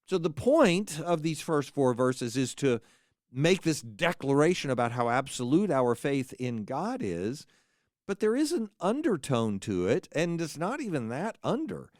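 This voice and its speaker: Animated man teaching scripture. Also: on the high side, measured pace, no echo, studio quality. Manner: wry, animated, reads verses aloud with emphasis. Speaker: podcast host teaching scripture. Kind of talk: casual Bible teaching.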